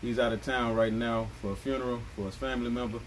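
A man's voice: mid-range voice, fairly even intonation, quick pace. A man co-hosting a podcast, talking in loose, slangy, joking chat. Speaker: podcast co-host. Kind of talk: casual chat. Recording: noisy background.

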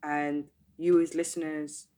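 A woman's voice: low-pitched, flat delivery, a little slow, warm tone. A woman hosting a podcast, chatting casually and playfully with slang, thanking her guest and her listeners. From Caribbean heritage. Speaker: podcast host.

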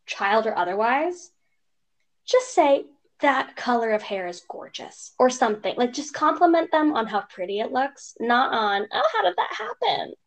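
A young woman co-hosting a casual podcast, telling stories in an animated way and mimicking strangers' voices. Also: a little high, a little slow. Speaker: podcast co-host. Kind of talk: casual chat.

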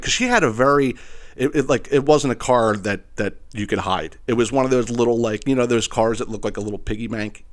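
A man telling a rambling, profane story, with many restarts and fillers, acting out the other people's lines in squealed voices. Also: a bit bright. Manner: acts out quoted voices, squealing high for the woman. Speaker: podcast host. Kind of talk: casual storytelling monologue.

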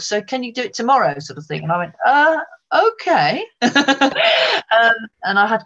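A woman guest telling a personal story in casual chat, animated, acting out what people said. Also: low-pitched. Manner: lively, animated retelling with voiced quotes. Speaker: interview guest.

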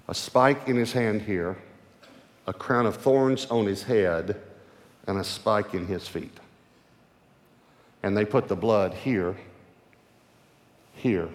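A male pastor preaching a sermon in a large church hall, emphatic and repetitive. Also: fairly low pitch.

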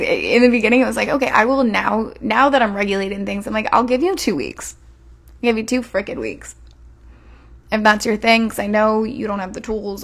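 A woman's voice: fairly high pitch, gravelly. A woman hosting a podcast as a relationship coach, talking in a casual, emphatic way and acting out quoted voices.

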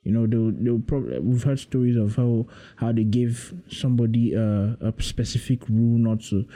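A man's voice: mid-range voice, moderate pace, mellow. A man, hosting his own podcast in a rambling, musing solo monologue that leans heavily on "you know". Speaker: podcast host.

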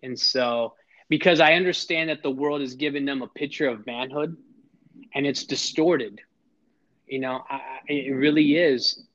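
A middle-aged man speaks earnestly as a podcast guest, his voice neither high nor low. He often repeats a word before his thought settles. The recording is slightly muffled and lo-fi. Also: normal speed, fairly bright tone. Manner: earnest, emphatic, repeats words when starting sentences. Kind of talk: heartfelt conversational storytelling. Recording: slightly dull lo-fi sound.

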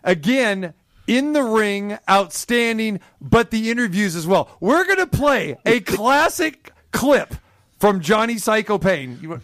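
A man's voice: sits high, very animated, a little slow, a bit bright, no room sound, studio quality. A man hosting an interview, affably introducing segments and clips. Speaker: podcast host.

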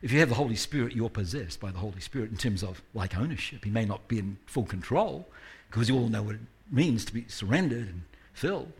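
A man preaching a sermon in a church service with a husky, slightly breathy voice. He keeps a conversational tone, tosses in self-deprecating asides, and lifts his voice to stress a point. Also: fairly low pitch, expressive, a little fast, hardly any pauses. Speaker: guest preacher.

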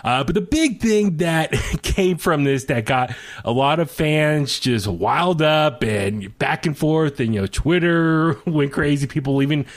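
A man's voice: on the high side, unhurried, few pauses. Male podcast host, casual, loose, rambling with lots of "uh" fillers and easy laughs. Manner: rambling, many fillers and restarts, laughs often. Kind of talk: casual chat.

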